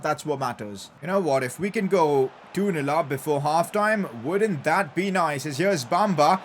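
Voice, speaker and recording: Excitable young man commentating a football game. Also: a little high, slight background noise. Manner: excitable, bursts into loud cheers at goals. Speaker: gaming YouTuber. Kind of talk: live commentary over a football video game.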